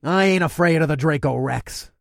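A man voicing a brutish, boastful male orc warrior with a growling, gravelly voice. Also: on the high side, moderate pace, dry recording, clean studio sound, voice pushed up. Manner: boastful and crude.

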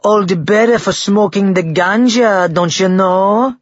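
A man's voice: high voice, measured pace, no echo, voice pushed up. A man voicing a taunting young frat boy who puts on a fake Jamaican accent in a mocking, sing-song way. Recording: dull dry muffled recording.

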